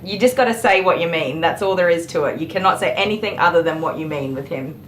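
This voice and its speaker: A middle-aged woman who works as a dog groomer and chats casually while she works. She is dry and sarcastic, laughs often, and gently scolds the dog on the table. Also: on the low side, quick pace. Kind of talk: casual chat while working. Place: grooming salon indoors. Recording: echoey room with clipper noise. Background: electric clippers buzzing.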